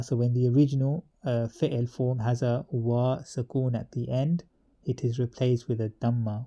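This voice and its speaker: A man methodically explaining an Arabic grammar table to students, with pauses, fillers and restarts. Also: mid-range voice, dark tone, muffled recording. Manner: methodical, repetitive teaching.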